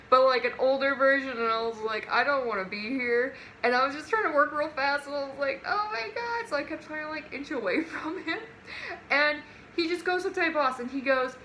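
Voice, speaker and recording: A young woman vlogger telling a work story in a casual, animated way, often breaking into giggles. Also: high-pitched, a little hiss or hum.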